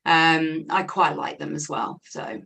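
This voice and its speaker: A woman's voice: sits low, fairly even intonation, takes it slowly, creaky, sharp tone. A woman, an author chatting casually on a group call, full of fillers and friendly agreement. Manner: chatty, with many fillers, repeats "it's true, isn't it?". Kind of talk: casual chat.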